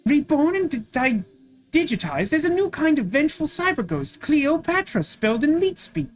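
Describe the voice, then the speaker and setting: A woman's voice: high voice, big pitch swings, moderate pace, faint music behind, pitched above the performer's own voice. Cleopatra, a woman putting on a vain cyber-ghost queen. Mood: haughty. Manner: grand, theatrical declaiming. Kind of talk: voicing game characters.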